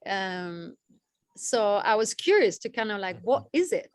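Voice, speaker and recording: A woman leading an online class over a video call, talking slowly with many fillers and restarts. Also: mid-range voice, very animated, clean tone, dry recording. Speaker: class organizer. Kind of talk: casual online class talk.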